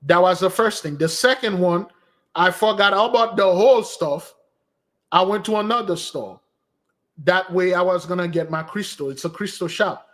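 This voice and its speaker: A man hosting a spiritual channel, telling rambling personal stories in a casual, animated way and answering viewer questions, often restarting sentences and jumping up in pitch to quote women. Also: moderate pace. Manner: jumps to a higher voice when quoting women. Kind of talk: casual storytelling and Q&A stream.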